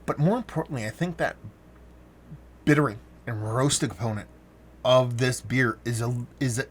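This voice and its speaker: A man's voice: medium pitch, moderate pace, a little hiss or hum. A man talking casually into a standalone mic, reviewing a beer in a rambling way, stopping and restarting his sentences and swearing now and then.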